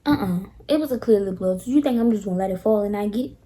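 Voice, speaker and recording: A young woman vlogger telling a storytime tale to her viewers, animated and dramatic, talking straight to them. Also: mid-range voice, fast, a little hiss or hum. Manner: animated, dramatic retelling, addresses viewers directly. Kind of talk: casual storytime.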